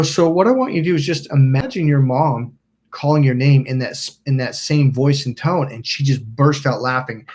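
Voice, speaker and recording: A man's voice: on the high side, darkish tone. A man hosting a self-help channel, telling a story in a rambling, casual way, acting out quotes and swearing now and then. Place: indoors by a smoking candle.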